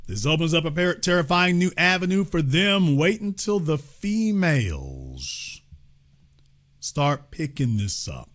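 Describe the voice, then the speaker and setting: A middle-aged man delivers a heated political monologue as host. His voice sits a little high and swoops with lively intonation. He sounds emphatic and sarcastic, jumping from loud outbursts to low muttered asides. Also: unhurried.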